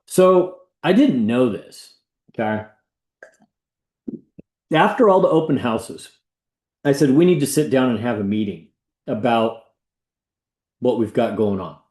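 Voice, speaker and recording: A man's voice: mid-range voice, a little slow, pauses often. A real estate agent, a man, chats loosely and animatedly. He slips into the voices of the people in his story. His voice sits in the middle range and bounces around a roomy, echoey space. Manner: animated, acts out the people he quotes. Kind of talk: casual storytelling talk. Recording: echoey room.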